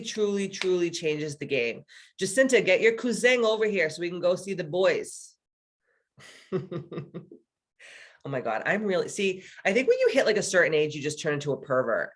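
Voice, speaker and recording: A woman's voice: fairly low pitch, lively intonation, normal speed. Brief: woman in her thirties hosting a video call, crude, laughing storyteller. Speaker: workshop host. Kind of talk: casual chat.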